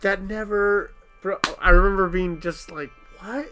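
A young man chatting on a podcast, slightly higher-pitched than most men. He tells his stories with animated energy, swears freely and laughs a lot. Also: moderate pace, soft background music. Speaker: podcast co-host. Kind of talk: casual podcast chat.

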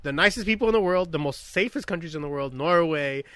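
A man's voice: on the high side, lively intonation, quick pace, a bit bright, clean tone, dry recording. An American man co-hosting a podcast in casual chat, rambling, laughing often and swearing freely. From United States. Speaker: podcast co-host.

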